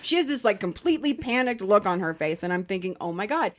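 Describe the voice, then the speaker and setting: Woman podcast host telling stories, swears a lot, voice bounces all over, mid pitch. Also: quick pace. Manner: animated, profane storytelling. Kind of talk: casual chat.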